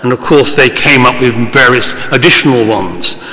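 A man gives a sermon in a church, talking through his points casually, with fillers and small asides. His voice sounds bright and forward. Long reverb from the large hall trails behind his words. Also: medium pitch, normal speed. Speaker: preacher.

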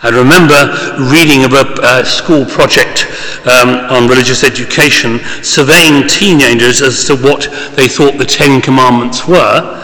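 A man's voice: mid-range voice, moderate pace, pushed and bright, big-room sound. A man preaching a sermon in a conversational way, with small asides and fillers. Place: church.

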